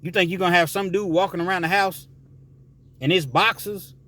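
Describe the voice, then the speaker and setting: A man's voice: mid-range voice, brisk, husky, natural voice. Man doing a jealous, threatening inmate. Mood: angry. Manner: heated, menacing.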